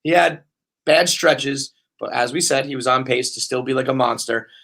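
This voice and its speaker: A man's voice: medium pitch, normal speed, creaky, pushed and bright. A man hosting a podcast, chatting casually and riffing animatedly, with plenty of swearing. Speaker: podcast host. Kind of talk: casual sports chat.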